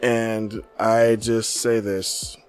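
A man who is a therapist, a guest on a casual podcast, talking in a hedging, halting way. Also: on the low side, little pitch movement, clean tone.

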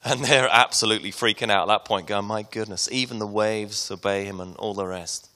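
A man delivering a sermon, telling a story to his congregation before turning quiet and personal. His voice sits low, but it has a bright, forceful edge. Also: fairly even intonation, a little fast. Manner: storytelling preacher, soft and intimate at the close. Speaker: pastor.

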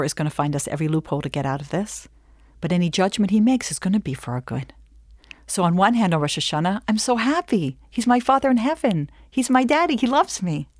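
A woman giving a humorous teaching talk to a group. She tells stories with lots of animation, acts out bits of dialogue and keeps checking in with her listeners. Her pitch sweeps widely, and the recording is dry and close. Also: a little mellow, dry recording. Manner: rhetorical questions, frequent "okay?". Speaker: speaker.

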